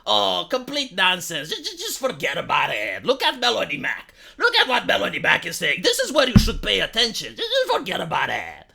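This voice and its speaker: A man's voice: high voice, wildly swooping pitch, fairly quick, creaky, few pauses, bright, forceful tone, breathy edge, heavily acted. A man putting on a scoffing, dismissive caricature voice that keeps brushing things off.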